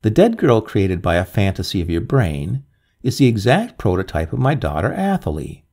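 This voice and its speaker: A man voicing a heartbroken older father who tells of his dead daughter in a halting, pleading way. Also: on the low side, sing-song, darkish tone. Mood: grieving.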